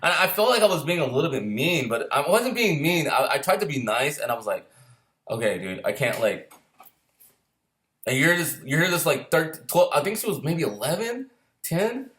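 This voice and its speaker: A man's voice: fairly high pitch, big pitch swings, a little fast, a bit bright. A middle-aged man, a screenwriter and former Marine, telling stories in casual chat, rambling and swearing freely, often restarting his sentences.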